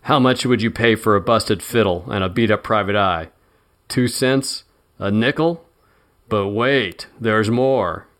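Menacing male heavy with a gun, low and sneering, read by a man. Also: unhurried, a bit bright. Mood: mocking. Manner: taunting, sneering.

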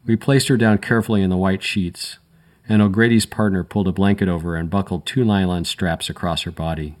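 A man reads a first-person crime story aloud in a very deep voice. His delivery is measured and matter-of-fact, with a dry edge throughout. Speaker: audiobook narrator.

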